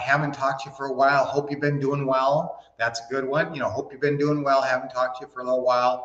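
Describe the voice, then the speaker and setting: A man's voice: medium pitch, a bit bright. A man hosts a casual livestream and gives business advice in a folksy, meandering way. He backs up often and fills gaps with "uh" and "you know." His voice carries room echo, and the recording sounds muffled and lo-fi. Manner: folksy, rambling, with many fillers and restarts. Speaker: host. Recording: roomy, dull lo-fi sound.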